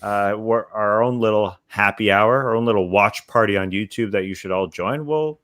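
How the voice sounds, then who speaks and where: A man's voice: fairly low pitch, moderate pace, fairly bright tone, no room sound, studio quality. A man co-hosting a podcast in casual chat, telling stories in a rambling, playful way. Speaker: podcast co-host.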